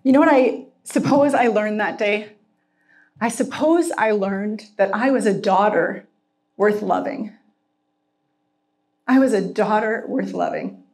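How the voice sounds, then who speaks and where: A woman's voice: medium pitch, a little mellow. Middle-aged woman preaching, earnest, kinda teary, drags out words for emphasis. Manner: earnest, emotional, slows down for emphasis. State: tearful at times. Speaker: speaker at a Christian retreat. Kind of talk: sermon with personal testimony.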